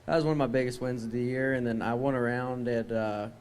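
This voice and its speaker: A man's voice: mid-range voice, fairly even intonation, fast, a little mellow, clear, resonant tone. A young man answering politely and in a laid-back way as a guest in a live stage interview. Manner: polite, laid-back, says "yes sir". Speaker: guest, bull rider.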